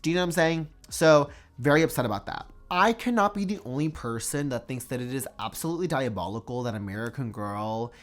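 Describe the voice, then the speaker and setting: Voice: mid-range voice, animated, a little fast, few pauses, soft background music. Doll collector vlogger, opinion rant to camera, emphatic, dramatic repetition, lots of "like".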